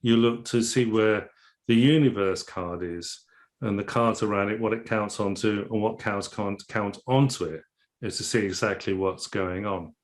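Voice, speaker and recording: A man teaching about a tarot card in casual discussion, thinking aloud with restarts and reading verse lines out slowly. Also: on the low side.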